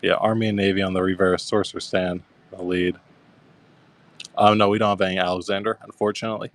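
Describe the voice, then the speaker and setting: Young male auction host, deep and even-toned, easygoing live-stream patter. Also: fast talker, dry recording. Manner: easygoing, describes coins and thanks bidders. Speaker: coin auction seller.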